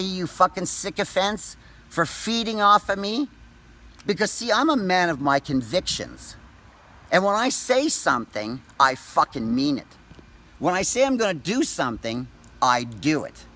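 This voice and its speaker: Furious profane man ranting. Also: on the high side. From Canada. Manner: profane, accusatory, shouting at times. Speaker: vlogger. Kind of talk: angry direct-to-camera rant.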